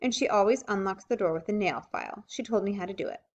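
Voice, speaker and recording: A woman's voice: mid-range voice, fast, close to an everyday voice. A woman voicing a patient, busy mother in a storybook reading, firm but kindly. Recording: dull lo-fi recording.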